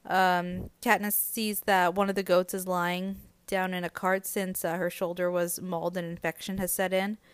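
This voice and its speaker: A woman's voice: fairly low pitch, flat delivery, normal speed, few pauses, clear, resonant tone, no echo. A woman hosting a podcast, recapping a book in a chatty, conversational way.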